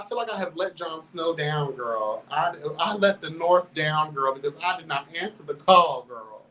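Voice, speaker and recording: A man's voice: on the high side, recorded from a distance, low-quality recording. A man hosting a show, telling a candid story in a sassy, flamboyant way, constantly addressing listeners as girl and laughing along. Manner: animated, laughs through the telling. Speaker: host.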